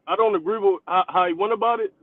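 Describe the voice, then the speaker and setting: A man calling in to a live stream, speaking hesitantly with many pauses and restarts. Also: high-pitched, dry recording. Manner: hesitant, halting. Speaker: caller. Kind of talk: casual call-in chat. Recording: tinny phone-like call audio.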